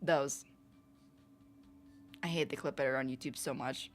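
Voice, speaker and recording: A young woman with a fairly low voice chatting casually on a livestream, playful and laughing often. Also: fairly even intonation, normal speed. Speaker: streamer. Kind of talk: casual livestream chat reading comments.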